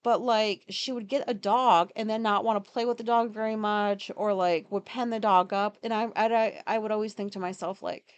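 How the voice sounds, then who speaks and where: A woman's voice: medium pitch, steady tone, moderate pace, hardly any pauses, clear, resonant tone, dry recording, lo-fi sound. A woman hosting a podcast, talking through her day in a rambling, casual monologue full of fillers and swearing. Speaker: podcast host.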